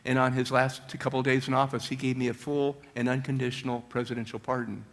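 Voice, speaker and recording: A middle-aged man giving a motivational talk at a church, telling stories with high energy. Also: little pitch movement, quick pace, fairly bright tone. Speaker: guest speaker.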